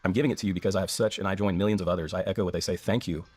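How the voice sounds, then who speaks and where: A man's voice: low-pitched, steady tone, rapid-fire, darkish tone, dry recording. An American man, a scholar guest in an interview, explaining and telling stories with eager enthusiasm. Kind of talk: enthusiastic lecturing interview talk.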